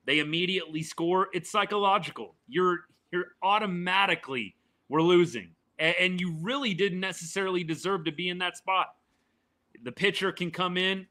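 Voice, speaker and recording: A man hosting a live baseball reaction show, giving his opinions and answering viewer comments in a casual, animated way. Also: on the high side. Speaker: sports podcast host. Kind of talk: live game reaction chat.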